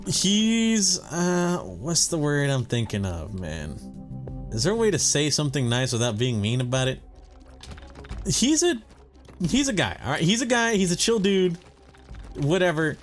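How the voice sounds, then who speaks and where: A man's voice: a little high, very animated, a little slow, faint music behind. A young man hosting a gaming channel, chatting casually and profanely over gameplay, rambling and correcting himself as he goes.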